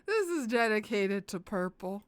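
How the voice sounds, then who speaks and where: A young woman streaming live and commenting on a game, excitable and dramatic, with frequent swearing. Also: mid-range voice, a little slow, no echo.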